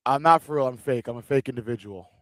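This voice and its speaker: A man's voice: mid-range voice, fast talker, dry recording. A man hosting a live fight watch-along, chatting casually and joking with loose, rambling restarts. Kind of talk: casual live-stream chat.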